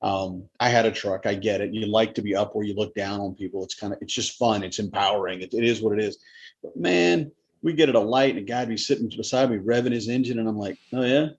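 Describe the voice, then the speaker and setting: Podcast co-host, Southern American man, low husky voice, storyteller who acts out quotes, dull lo-fi sound. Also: fast talker. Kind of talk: casual chat.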